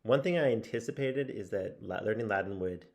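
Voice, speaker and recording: A man's voice: fairly low pitch, a little fast, creaky, darkish tone. A man talking through a casual video update on his language study, rambling and musing with lots of restarts. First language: English. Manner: rambling, with many fillers and restarts; musing and self-reflective. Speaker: language-learning vlogger. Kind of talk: casual spoken progress update.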